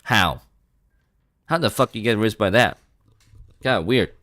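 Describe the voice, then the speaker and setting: A man from the Philippines, chatting casually on a live stream, animated and laughing often, swearing and saying bro a lot. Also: on the low side, unhurried.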